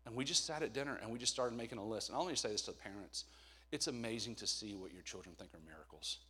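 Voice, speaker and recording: A man in his thirties preaching a sermon, telling personal stories with sudden loud emphasis and quiet asides. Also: on the low side, quick pace, breathy edge. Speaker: pastor.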